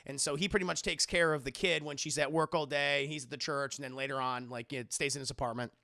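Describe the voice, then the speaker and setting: A man's voice: medium pitch, fairly even intonation, quick pace, gravelly, sharp tone. A young man casually recapping a TV episode for a live-stream chat, chatty and profane, constantly calling out to his chat. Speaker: TV show reviewer streaming live.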